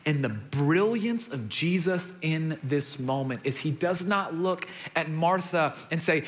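A young man preaching a sermon, telling stories in an animated way and repeating words as he builds a point. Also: fairly high pitch, unhurried, few pauses. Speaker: pastor.

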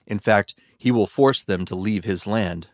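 Man reading an almighty god, measured, authoritative, low voice, dry. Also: no echo, natural voice. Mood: solemn. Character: solemn almighty male god.

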